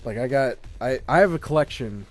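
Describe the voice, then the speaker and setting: Guy co-hosting a gaming podcast, rambly and excited, lots of likes and ums, faint music under it. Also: mid-range voice, brisk. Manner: rambling, filler-heavy, enthusiastic. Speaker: podcast co-host. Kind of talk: casual gaming podcast chat. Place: home room with a shelf of collectibles.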